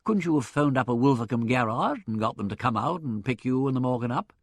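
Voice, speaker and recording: A poised gentleman detective in an audiobook, voiced by a male reader, drawling his questions low and dry. His pitch dips and rises with wry emphasis. The sound is close and dry. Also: lively intonation, quick pace, no room sound. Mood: probing. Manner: dry, probing questions, lower voice. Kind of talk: audiobook character voice.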